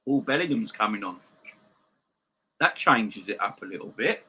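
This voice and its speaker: Male streamer, sharp bright tone, joking live chat with viewers from home. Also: on the low side, lively intonation, normal speed, long pauses, slightly rough, low-quality recording. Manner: chatty, joking banter with viewers. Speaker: host of a live football watchalong.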